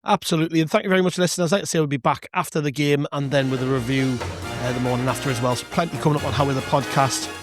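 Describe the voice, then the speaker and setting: A man's voice: mid-range voice, steady tone, music in the background. A man hosting a casual football podcast, joking around with his co-hosts. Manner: jokey, quick-talking. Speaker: podcast host. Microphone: remote call.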